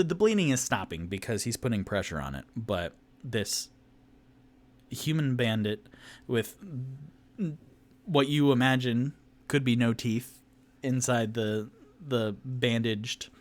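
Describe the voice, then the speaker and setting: A man running a tabletop game on his own, narrating slowly in an easygoing way. He often pauses to hunt for words and corrects himself as he goes. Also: mid-range voice, expressive. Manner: rambling, with fillers and self-corrections. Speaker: game master.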